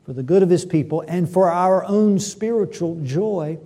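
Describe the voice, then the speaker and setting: A man's voice: high voice, moderate pace, mellow. A man preaching a sermon, reading scripture and building to fervent emphasis. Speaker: pastor.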